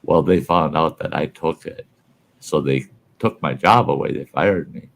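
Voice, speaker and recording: Host, male, very low gravelly voice, folksy storyteller. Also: measured pace. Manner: folksy anecdote teller, laughs at his own stories. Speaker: podcast host. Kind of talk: casual storytelling chat.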